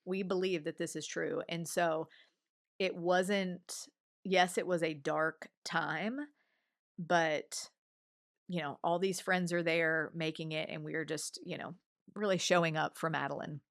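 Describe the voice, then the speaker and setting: Low-voiced woman telling a story. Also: slow, dry recording, clean studio sound. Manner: animated storyteller, acts out others' remarks. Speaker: guest. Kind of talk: conversational storytelling interview.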